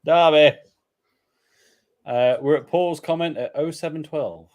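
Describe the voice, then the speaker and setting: A man's voice: on the high side, normal speed, warm tone. A man from England co-hosting a casual beer live stream, joking and rambling as he reads viewer comments aloud at home.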